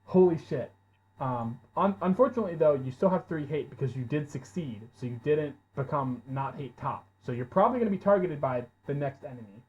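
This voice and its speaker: A man running a tabletop role-playing game as game master, calling rolls and narrating the action, who gets loud and swears when surprised. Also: fairly high pitch, lively intonation, fairly quick. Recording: dull lo-fi audio.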